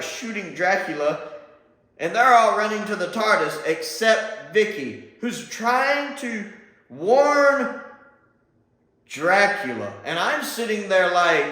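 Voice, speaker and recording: A man talks through a TV episode in a loose, rambling review, his voice sitting a little high for a man. He gets animated and exasperated as he goes. The sound bounces around a very echoey room. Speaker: TV show reviewer. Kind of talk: casual spoken review.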